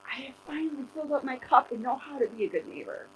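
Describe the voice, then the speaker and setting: A woman in her forties preaching in a loose, conversational way. Her voice sits a little high, and she talks candidly, with plenty of "like" and "you know". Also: expressive, fast, a little hiss or hum, poor audio. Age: 40s. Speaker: pastor. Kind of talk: conversational sermon.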